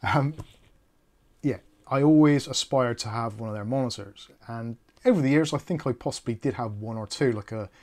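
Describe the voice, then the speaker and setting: A man's voice: medium pitch, normal speed, a little mellow. Chatty man hosting a tech stream. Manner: rambling, jokey, self-correcting. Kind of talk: live-stream chat.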